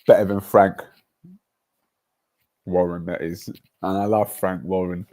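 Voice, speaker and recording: A man, hosting a casual football livestream, ranting in slang and swinging between loud outbursts and low mutters. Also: flat delivery, unhurried. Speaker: football streamer.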